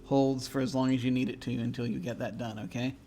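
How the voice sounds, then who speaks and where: A man's voice: mid-range voice, level tone, fast, warm tone, slight background noise, lightly acted. A man voicing Isabel, an anxious, earnest woman who talks urgently and pleads in a tabletop game. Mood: pleading.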